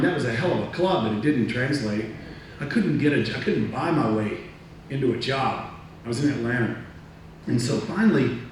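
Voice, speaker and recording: A man giving a talk, telling a story from his career in a lively way, acting out other people's lines and laughing at himself. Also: mid-range voice. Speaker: motivational speaker. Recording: echoey room, distant mic, faint noise.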